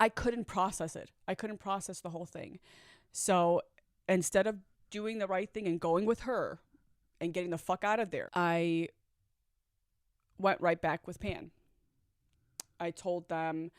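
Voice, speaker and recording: A woman's voice: fairly low pitch, steady tone, moderate pace, dry recording, studio quality. A woman telling her own story in a candid, reflective way and laughing nervously at moments. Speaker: storyteller sharing a personal story. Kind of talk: confessional personal storytelling.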